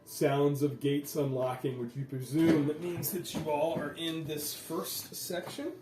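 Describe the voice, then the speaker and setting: A man running a tabletop game as game master, narrating in a relaxed way with many fillers. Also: fairly high pitch, a little slow, over music. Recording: echoey room, voice from far off.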